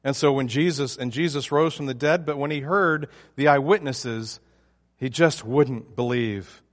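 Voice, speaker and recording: A man's voice: medium pitch, a little slow, big-room sound. A man preaching a sermon, emphatic and often restarting his phrases. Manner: emphatic, with frequent restarts and fillers.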